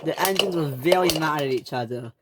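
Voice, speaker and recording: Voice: medium pitch, brisk, noisy background. A narrator telling a toy train story in a dramatic storytelling style, switching into character voices. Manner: dramatic, breaks into character voices and sound effects.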